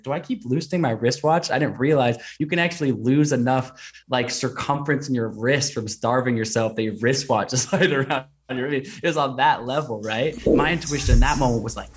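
A man being interviewed, telling a long personal story in an animated conversational way, full of repeated fillers. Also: medium pitch, a little fast. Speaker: guest recounting an expedition.

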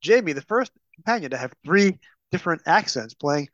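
A man's voice: on the high side, sing-song, brisk, a bit bright. A man hosts a podcast with a slightly raised voice and wry, prompting remarks. The sound is dull and lo-fi, and the room adds no echo. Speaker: podcast host. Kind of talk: casual chat. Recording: dull, dry lo-fi audio.

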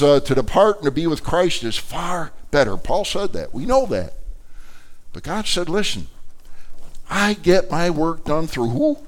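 A man preaching a sermon, swinging between loud outbursts and quiet, low passages and acting out the voices he quotes.

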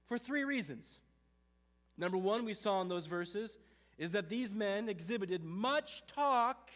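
A man preaching a sermon, emphatic, with dramatic pauses, reading and listing points, in a church with long reverb. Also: high voice. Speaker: pastor.

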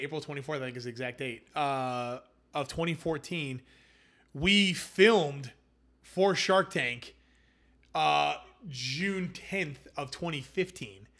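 A young man, the founder of a hummus company, casually telling animated stories in an interview and acting out the voices of people he quotes. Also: fairly high pitch, measured pace.

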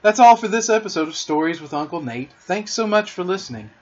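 A man reading a children's storybook aloud as a podcast host, expressive and gentle. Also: sits high, a little fast, lo-fi sound.

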